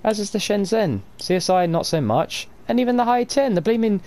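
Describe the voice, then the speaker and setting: A man commentating on a video game, swearing and ranting, his voice hoarse from screaming. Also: high voice, animated, a little fast, darkish tone, poor audio. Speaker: gamer. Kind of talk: gaming commentary.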